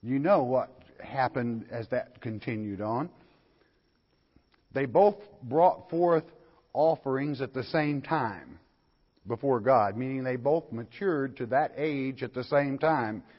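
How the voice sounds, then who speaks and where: Older pastor with a folksy teaching manner, a bit husky, lo-fi hall recording. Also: male voice, medium pitch, slow. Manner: folksy, questioning the listeners and reading scripture aloud. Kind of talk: verse-by-verse Bible lecture.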